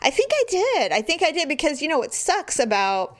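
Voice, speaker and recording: A woman co-hosting a podcast, telling a story in casual chat with animated delivery and casual swearing. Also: high-pitched, brisk. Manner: animated storyteller, acts out quoted voices; swears freely. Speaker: podcast co-host.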